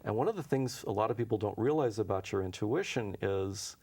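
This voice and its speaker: Man, low voice, gravelly, anecdotal storyteller, TV studio interview. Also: expressive, brisk, darkish tone. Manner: anecdotal, acts out dialogue, chuckles often. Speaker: guest, intuition teacher. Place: local TV studio.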